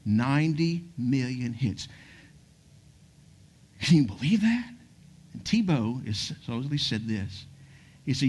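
A man preaching a sermon, telling a story with animation and dropping to a hushed near-whisper to stress key points. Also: mid-range voice, animated, takes it slowly, long pauses, slightly rough. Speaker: pastor.

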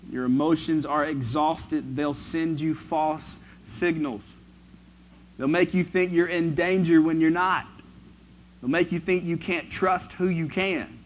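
A man preaching a sermon who moves from quiet, reflective passages to loud, emphatic ones. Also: fairly high pitch, fairly even intonation, slow, slight background noise, low-quality recording.

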